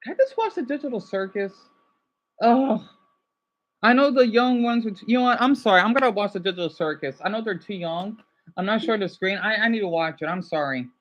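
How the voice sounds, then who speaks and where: A man's voice: high-pitched, expressive, fairly bright tone, muffled recording. Agitated, apologetic man on a livestream. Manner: agitated, rambling, quick to apologize. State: upset and burnt out. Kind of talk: casual livestream talk.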